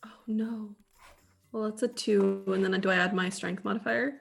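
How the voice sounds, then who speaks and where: A woman's voice: mid-range voice, fairly even intonation, normal speed, creaky, breathy edge, soft background music. A woman playing a tabletop game, a little hesitant and asking about the rules. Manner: hesitant, asks rules questions. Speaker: player. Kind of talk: casual tabletop game play.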